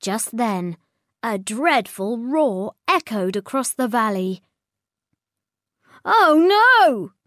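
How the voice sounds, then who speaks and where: Woman reading a storybook, slow and lively. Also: on the high side, dry recording, clean studio sound.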